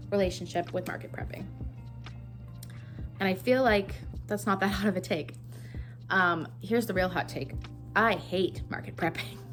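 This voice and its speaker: Chatty young woman crocheting, music behind. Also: on the low side. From Canada. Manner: chatty and rambling, with many fillers. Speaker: crochet vlogger. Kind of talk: casual chat while crocheting. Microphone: phone.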